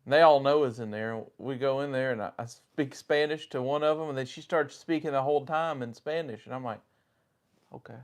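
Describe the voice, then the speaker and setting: A man's voice: medium pitch, brisk, hardly any pauses. Chatty Southern US man co-hosting. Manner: chatty, greets viewers by name, tells anecdotes. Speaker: co-host of a paranormal livestream. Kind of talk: casual live-stream chat with viewers.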